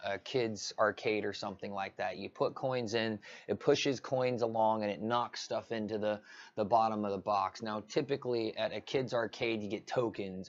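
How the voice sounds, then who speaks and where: A man's voice: fairly low pitch, lo-fi sound. Rambling man ranting on a livestream. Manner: rambling, many restarts and fillers. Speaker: live streamer. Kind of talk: casual livestream rant.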